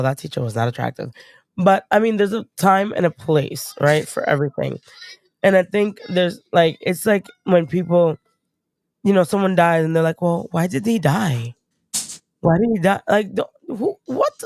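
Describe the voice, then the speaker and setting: Still recovering from a cold, a young woman guesting on a stream keeps the chat casual, blunt, and full of profanity as she animatedly tells stories. Her fairly low voice has a creaky quality, and the recording is dry.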